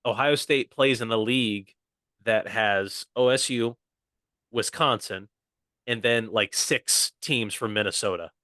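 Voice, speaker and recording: A man's voice: on the low side, measured pace, pushed and bright, dry recording, clean studio sound. A young American man co-hosting a casual comedy podcast, playful and joking. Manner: joking, playful, fond of silly voices. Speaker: podcast co-host.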